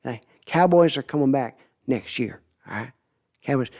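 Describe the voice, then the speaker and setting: A man's voice: medium pitch, moderate pace, a little mellow, natural voice. A man voicing a blustery older football team owner with a swaggering, repetitive drawl. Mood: boastful.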